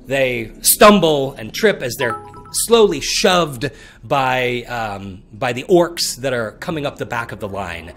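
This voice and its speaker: A man narrates a tabletop game as dungeon master, his pitch rising and falling in a lively way. He talks slowly and descriptively and sometimes restarts his sentences. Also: soft background music.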